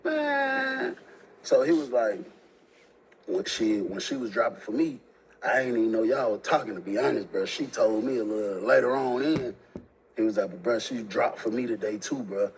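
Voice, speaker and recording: A man casually telling a personal story in heavy slang, jumping up in pitch when he quotes himself. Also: normal speed, slight background noise, low-quality recording. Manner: animated, slangy, jumps high when quoting himself.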